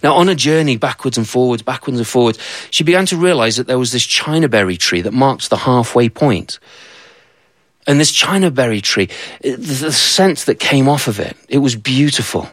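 A man's voice: mid-range voice, animated, normal speed, dry recording. A man telling a folktale aloud, with conversational asides to the listener. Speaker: storyteller. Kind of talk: told folktale.

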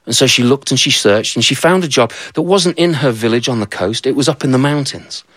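A man's voice: medium pitch, a little fast, a bit bright, no room sound. Conversational male folktale storyteller. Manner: conversational, asides to the listener. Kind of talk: told folktale.

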